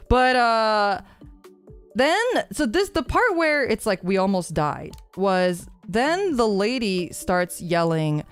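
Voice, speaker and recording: A woman streamer telling a story in casual chat, animated and rambling, full of "like" and restarts. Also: mid-range voice, unhurried, clear, resonant tone, soft background music.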